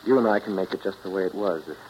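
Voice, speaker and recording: A man's voice: low voice, rapid-fire, background noise, lightly acted. An actor in 1940s radio drama style playing a blunt, easygoing man who is an old friend and former lover. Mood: steady.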